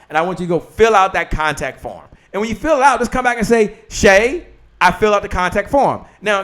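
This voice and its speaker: A man hosting a live-streamed talk show, excitable and animated, talking straight to his viewers and his guest. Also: a little high. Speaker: show host.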